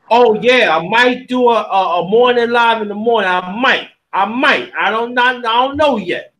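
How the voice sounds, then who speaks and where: A man hosting a casual livestream panel, talking in an animated, slangy way, joking and scolding his guests. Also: very high-pitched, moderate pace, poor audio.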